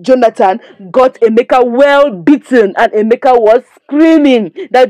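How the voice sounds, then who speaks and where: A woman's voice: high-pitched, normal speed, hardly any pauses, dark tone, no room sound. A young Nigerian woman casually recapping a drama episode, chatting to her listeners and breaking off to lecture them. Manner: chatty, preachy asides, addresses listeners as "my people". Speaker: movie reviewer.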